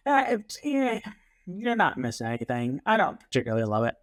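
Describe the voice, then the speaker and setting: A man's voice: fairly high pitch, huge pitch swings, a little fast. A man co-hosting a podcast, joking in casual chat. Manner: playful, joking. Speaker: podcast co-host.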